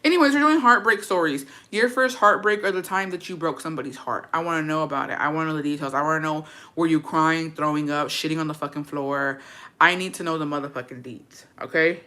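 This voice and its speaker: A young woman chatting to camera in storytime mode, her voice bright and edged. She talks brashly and dramatically, swears freely and slips into Spanish now and then. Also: deep voice, fast talker. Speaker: vlogger. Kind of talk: casual storytime chat.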